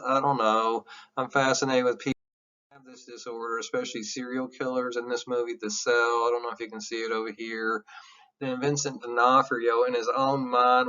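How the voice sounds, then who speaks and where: A man teaching a college psychology class, lecturing in an animated, candid way with jokey asides and some swearing. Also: medium pitch, lo-fi sound.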